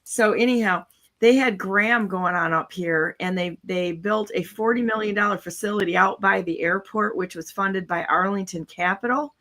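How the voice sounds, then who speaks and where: A woman's voice: mid-range voice, normal speed, a bit bright. A woman hosts a casual online talk show. She talks in a blunt, cynical way and rambles from one point to the next, and she comes through over a video call. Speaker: show host.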